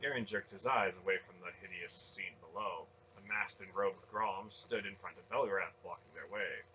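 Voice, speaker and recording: A man reading a fantasy novel aloud with steady, dramatic narration. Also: sits low, normal speed, slight background noise, rough recording. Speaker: audiobook reader.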